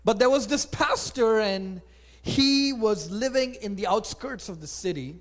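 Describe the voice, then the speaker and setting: Male storyteller, very high voice, slow, dramatic, loud then hushed. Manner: expressive, swings between loud and hushed.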